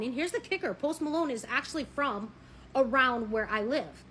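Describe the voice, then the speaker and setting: A woman telling a personal story in a blunt, animated way, swearing freely and acting out what people said. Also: high-pitched, normal speed, slight background noise, rough recording. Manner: married. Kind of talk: casual storytelling.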